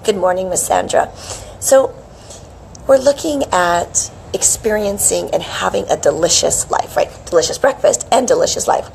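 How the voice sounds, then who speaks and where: A middle-aged woman hosting a casual live wellness stream, chirpy and animated, greeting viewers by name. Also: mid-range voice, moderate pace, gravelly, slight background noise, poor audio. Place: outdoors with a palm tree behind. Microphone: hands-free phone camera.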